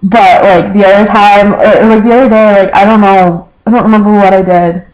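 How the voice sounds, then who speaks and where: A young man with a fairly high voice talks casually to his camera, rambling from one family story to the next. He fills every pause with "like" and slips into quoting his relatives. The sound is dull and lo-fi, like cheap home webcam audio. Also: steady tone, darkish tone. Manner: rambling, filler-heavy, quotes family members. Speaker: vlogger.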